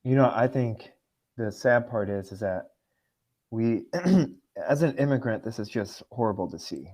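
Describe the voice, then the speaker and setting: A man's voice: mid-range voice, lively intonation, a little slow, darkish tone. Emotional male podcast guest from Russia. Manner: emotional, earnest. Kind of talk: political podcast talk.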